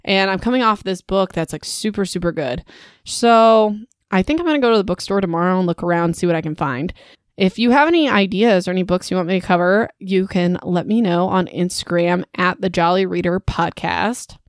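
A woman's voice: on the low side, a little fast, smooth, dry recording, clean studio sound. A young adult woman hosting a casual book podcast, chatty and self-mocking, laughing at her own slips into a home microphone. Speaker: podcast host.

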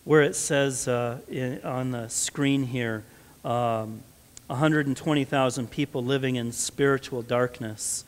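A man's voice: mid-range voice, a little slow. A man with a Midwestern American accent preaching a sermon, conversational and then rising to emphatic stresses. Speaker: pastor. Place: church sanctuary. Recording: long church reverb.

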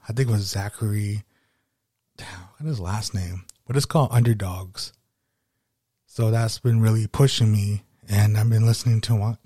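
A man's voice: lowish voice, dark tone, no room sound, clean studio sound. A man hosting a solo motivational podcast, rambling and swearing casually as he talks. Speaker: podcast host.

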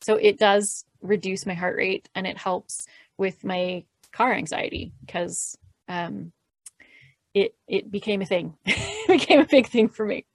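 A woman calmly explaining breathing mantras in an interview, gentle and measured, with light laughs. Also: mid-range voice, no echo. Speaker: podcast host and guest expert. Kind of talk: calm instructional explanation.

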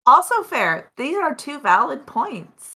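A woman co-hosting a podcast in casual chat, adding wry, quick comments. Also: sits high, very animated, pushed and bright. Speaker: podcast co-host.

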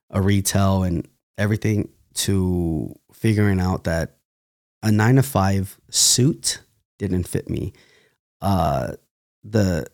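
This podcast guest is a young dancer from California whose voice sits on the low side with a touch of mellowness. His storytelling is loose and relaxed, broken up by frequent laughter and restarts during the casual interview.

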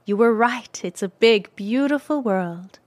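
Woman doing a hushed, mysterious snow-globe man. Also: a little high, no room sound, close to an everyday voice. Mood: knowing. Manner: hushed, slow, partly whispered.

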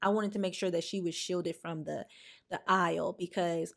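A young adult woman hosting a podcast, telling a personal story with emphatic, animated delivery. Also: on the low side, normal speed, creaky. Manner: animated, emphatic, acts out quoted lines. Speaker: podcast host.

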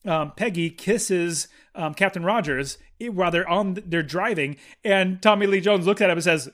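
A man's voice: high voice, normal speed, fairly bright tone. A man chatting casually and enthusiastically about a movie as a podcast co-host, rambling with frequent restarts.

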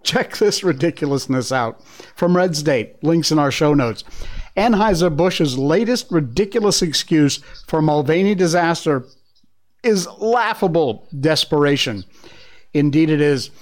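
A middle-aged male host delivers opinionated news commentary into a studio mic, with a slightly high-set voice. He sounds emphatic and sarcastic, and he often laughs at the stories he covers. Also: expressive, unhurried. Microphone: studio mic with earpieces.

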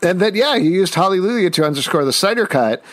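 A man co-hosting a podcast in casual chat, animated and ranting, laughing and reading listener comments. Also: sits high, quick pace, no room sound. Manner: animated, ranting, laughs and puts on silly voices. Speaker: podcast co-host.

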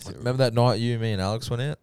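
Give me a young Australian man, slangy and rowdy, with a smooth, resonant tone. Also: mid-range voice, steady tone, very fast, darkish tone, no echo, clean studio sound. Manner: rowdy, slangy storyteller, swears freely. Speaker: podcast host. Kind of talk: casual chat among mates.

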